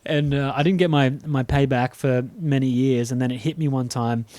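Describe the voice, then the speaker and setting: A man's voice: medium pitch, fairly even intonation, normal speed, a little mellow, dry recording. Man telling rambling stories. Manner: rambling anecdotes with frequent restarts and laughter. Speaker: podcast co-host. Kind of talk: casual storytelling chat.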